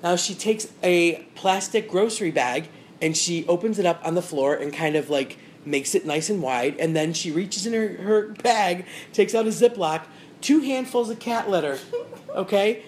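A woman's voice: on the low side, normal speed, darkish tone, a little hiss or hum. A woman in casual chat, telling a funny story with lots of energy, acting out the people she quotes and laughing as she goes. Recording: roomy echo with faint ambience.

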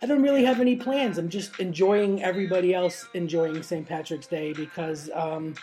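A woman's voice: on the low side, normal speed, warm tone, soft background music. A woman hosting an internet radio show, chatting in a loose, rambling way and joking about herself. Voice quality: rambling, joking, self-mocking. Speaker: podcast host. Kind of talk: casual chat.

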